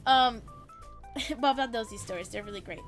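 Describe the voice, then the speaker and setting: A woman's voice: a little high, normal speed, soft background music. A woman streamer casually telling a story to her chat, swearing freely, laughing often and breaking off to read out chat messages.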